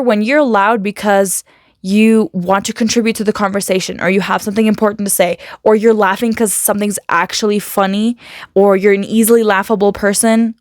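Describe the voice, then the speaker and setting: A woman talking casually to camera in a motivational vlog, chatty and animated, full of quick asides and filler words. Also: medium pitch, no echo, studio quality. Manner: chatty and talkative, self-described loud. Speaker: motivational vlogger.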